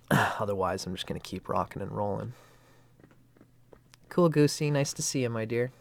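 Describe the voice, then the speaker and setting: A man's voice: on the low side, lively intonation, a little slow, creaky, pauses often. A man hosting an astrology livestream, talking casually and rambling, with casual swearing. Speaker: astrology channel host.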